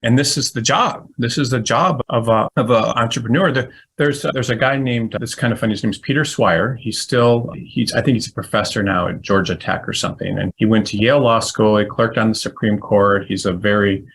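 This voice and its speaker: A man's voice: lowish voice, brisk, hardly any pauses, a bit bright, slightly rough, poor audio. A middle-aged man giving a casual webinar talk, telling stories with many restarts. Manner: rambling storytelling with frequent restarts. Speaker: legal recruiter giving a webinar.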